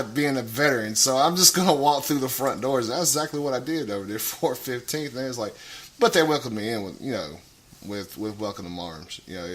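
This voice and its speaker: A man talking casually on a radio show, rambling, swearing a lot and getting loud. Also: on the low side.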